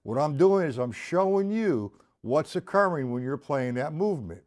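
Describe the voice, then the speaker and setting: The drum teacher's voice is fairly high and a little mellow, with lively intonation and a moderate pace. During his live-streamed lesson he explains things step by step, speaking to viewers by name in a blunt, informal manner with an occasional curse.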